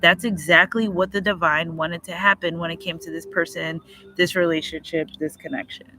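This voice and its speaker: A man with a high, bright voice talking through a casual card reading. His delivery is chatty and looping, full of repeated phrases and bits of emotion, with faint outdoor ambience behind him. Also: fairly even intonation, moderate pace, a little hiss or hum, poor audio. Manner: chatty, repetitive, breaks into sung lyrics, gets emotional. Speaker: tarot reader. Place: outdoors near trees and a road.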